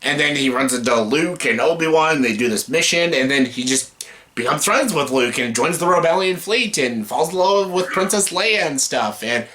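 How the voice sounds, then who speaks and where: Bright-voiced excitable man. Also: fairly high pitch, moderate pace. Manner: excitable, swears often, laughs a lot. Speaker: YouTube host. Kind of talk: casual movie chat.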